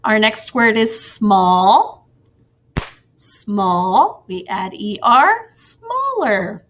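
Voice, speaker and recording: A woman teacher gives a recorded grammar lesson to young children, slow and sing-song, with soft encouraging asides. Her voice is mid-range and very animated.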